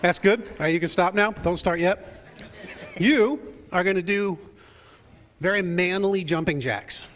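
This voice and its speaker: A male pastor begins a sermon playfully, joking and talking straight to the congregation in the church sanctuary. His highish, expressive, slightly bright voice moves at normal speed, with big-room sound and slight background noise.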